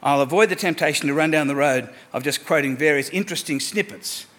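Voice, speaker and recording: The preacher's voice sits fairly high and moves at a quick pace as he addresses his church. His delivery is forceful, full of repeated words and shifts from hushed remarks to booming statements.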